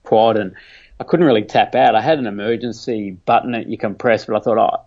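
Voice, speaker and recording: An Australian man telling a story in casual chat, animated and laughing often, acting out the voices of people he quotes. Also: lowish voice, fairly quick, highs cut off.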